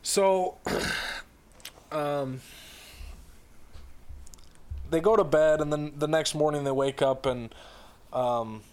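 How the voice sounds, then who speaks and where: A man's voice: a little high, slow pace, a little mellow. A man casually retelling a story in a podcast chat, rambling, with lots of fillers and restarts.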